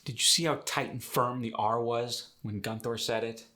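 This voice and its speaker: A man hosting an accent tutorial as a dialect coach, explaining sounds in a brisk, instructive way. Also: mid-range voice, steady tone, pushed and bright.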